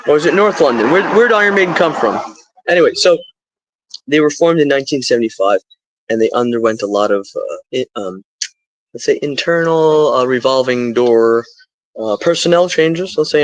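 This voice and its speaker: Middle-aged guy rambling on a live stream, kinda high voice, wanders off into god talk. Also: fairly quick, no room sound, low-quality recording. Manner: rambling, stream-of-consciousness with spiritual asides.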